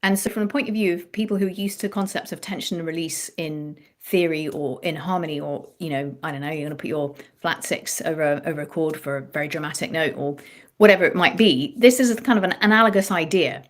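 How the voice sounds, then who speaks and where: Low-voiced woman songwriting coach explaining. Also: fast talker. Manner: thoughtful, explains with examples, restarts phrases. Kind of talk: explanatory live-stream chat.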